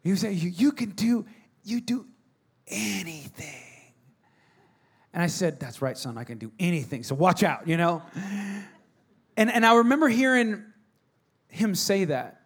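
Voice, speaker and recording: High-voiced man preaching. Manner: conversational storytelling with restarts. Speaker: pastor. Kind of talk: sermon.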